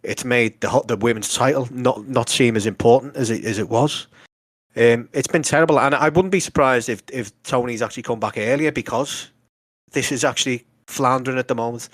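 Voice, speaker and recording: A man's voice: medium pitch, fairly quick, dry recording, studio quality. A man co-hosting a casual wrestling podcast, blunt and ranting, swearing a lot. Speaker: podcast co-host.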